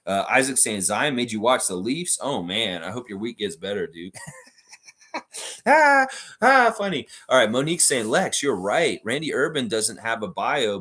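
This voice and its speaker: Man, low voice, lively pitch, casual chatty stream host, reads comments. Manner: chatty, reads viewer comments aloud and answers them. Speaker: livestream host reading fan comments. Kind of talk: casual sports reaction livestream.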